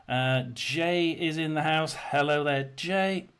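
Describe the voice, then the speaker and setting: A man hosts a casual live chat and talks to viewers in a loose, rambling way. He restarts often and fills pauses with ums and uhs. His voice sits a little high for a man. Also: fairly even intonation, a bit bright. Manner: rambling, many fillers and restarts. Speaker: livestream host. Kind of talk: casual livestream chat reading comments.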